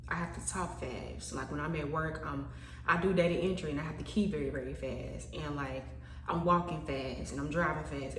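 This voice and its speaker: A woman's voice: low voice, reverberant, distant mic, a little hiss or hum. A woman vlogging to camera in a casual, rambling monologue, thinking aloud and questioning herself. She is self-conscious, stumbling and repeating words as she goes.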